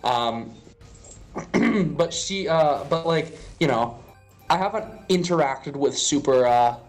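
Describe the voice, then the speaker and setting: A young man from Western Pennsylvania hosts a casual stream chat, wandering from point to point with a jokey, rambling flow. His voice sits a bit high. Quiet music plays faintly behind him. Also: lively intonation, takes it slowly. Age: young adult. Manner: rambling, joking, fillers.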